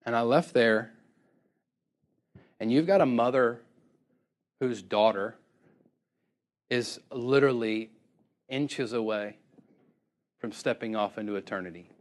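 A man preaching through a story, animated and acting out both sides of each conversation, laughing often as he tells it. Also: medium pitch, slow, pauses often. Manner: laughs often while telling. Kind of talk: storytelling sermon.

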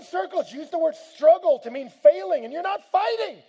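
A man preaching a sermon, swinging between quiet, gentle passages and loud, emphatic shouting. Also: extremely high pitch, expressive, normal speed, few pauses. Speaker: pastor.

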